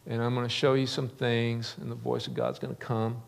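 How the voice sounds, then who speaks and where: A man's voice: mid-range voice, little pitch movement, moderate pace, creaky. A middle-aged man preaching a sermon as a pastor, earnest, building emphasis with repeated phrases. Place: church sanctuary. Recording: long reverb of a large church hall.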